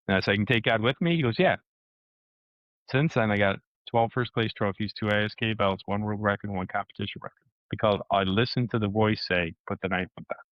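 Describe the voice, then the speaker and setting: A man telling a story in a lively way, with sound effects and acted-out dialogue. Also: on the low side, no echo, lo-fi sound. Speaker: co-host and martial arts competitor. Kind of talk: animated casual storytelling.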